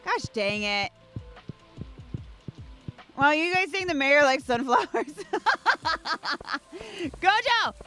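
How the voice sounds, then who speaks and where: A playful woman streamer chats casually as she plays, often talking straight to the game's characters and laughing at her own slips. Her voice is bright and a little high, and soft music plays behind her. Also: big pitch swings, slow, pauses often. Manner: playful, giggly, talks to the game characters. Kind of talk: casual gameplay commentary. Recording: faint background music.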